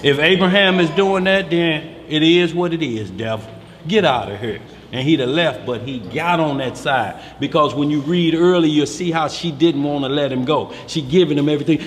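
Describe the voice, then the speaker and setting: A man leading a Bible study in a loud, animated preaching manner, breaking into acted-out voices as he explains the text. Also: a little high, normal speed. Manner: animated, acts out voices, African American Vernacular speech patterns. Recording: roomy hall echo, faint background noise.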